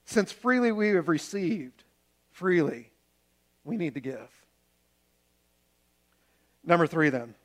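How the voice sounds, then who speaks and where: A man's voice: on the high side, big pitch swings, takes it slowly, pauses often. A man preaching a sermon as a pastor, earnest and conversational, using homely examples.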